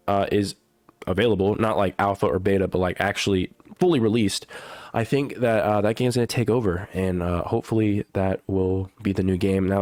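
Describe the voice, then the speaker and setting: A man with a slightly low voice that sounds stuffy and sick. He rambles casually through a game update review, leaning on fillers and cursing freely. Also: darkish tone. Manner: rambling, filler-heavy and profane. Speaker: gaming YouTuber. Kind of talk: casual patch notes commentary.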